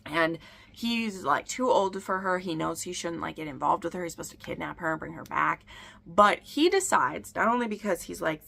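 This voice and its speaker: Chatty woman with a gravelly edge. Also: fairly low pitch, expressive, normal speed, bright, forceful tone. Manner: rambling, full of "like" and asides. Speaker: book reviewer. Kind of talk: casual book recap chat.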